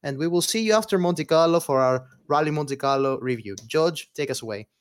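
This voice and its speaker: A man's voice: a little high, a little fast. A man hosting a casual podcast, joking and teasing his co-hosts, with a voice that keeps cracking. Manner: joking, teasing banter with swearing. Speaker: podcast host.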